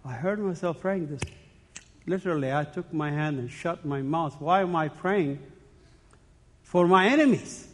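A man's voice: fairly high pitch, unhurried, a little hiss or hum. Earnest middle-aged man in a hall. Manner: earnest, emotional, repeats phrases and restarts. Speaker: speaker giving his faith testimony. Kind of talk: church testimony. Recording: long hall reverb.

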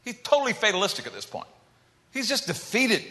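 A man preaching a dramatic sermon, shifting between loud emphatic calls and hushed low asides. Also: wildly swooping pitch, a little fast. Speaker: pastor. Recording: long hall reverb.

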